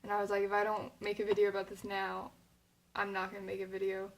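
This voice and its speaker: A woman's voice: mid-range voice, completely flat delivery, fast talker, poor audio. A young woman talking casually to her camera, rambling, with lots of "like" and fillers, and sounding a little emotional. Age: young adult. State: emotional, near tears. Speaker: vlogger.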